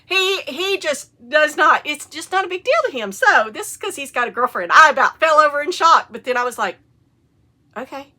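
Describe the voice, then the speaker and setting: A middle-aged woman, hosting a casual knitting podcast and telling animated stories, with the occasional cough and hiccup. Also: high-pitched, a little fast, hardly any pauses. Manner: chatty, animated storytelling with rising excitement. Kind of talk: casual chat.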